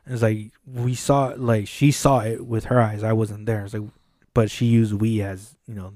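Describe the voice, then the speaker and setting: A man's voice: lowish voice, normal speed, no room sound, clean studio sound. A man co-hosting a podcast who tells a work story in casual chat, acting out the quoted lines and swearing often. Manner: animated, acts out quoted dialogue, frequent swearing. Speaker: podcast co-host. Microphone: studio mic.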